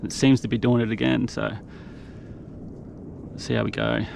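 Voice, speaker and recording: This young man's voice is fairly low and gravelly, moving at normal speed as he narrates his kayak fishing live. Recorded outdoors on an action camera against a noisy background, he sounds exuberant, whooping and breathless.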